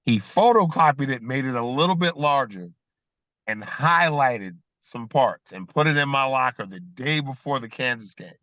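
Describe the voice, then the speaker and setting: Bright-voiced middle-aged man telling stories. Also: mid-range voice, moderate pace, no echo, lo-fi sound. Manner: animated storyteller who laughs between anecdotes. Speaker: guest, former college basketball player. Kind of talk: casual podcast interview. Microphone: video call.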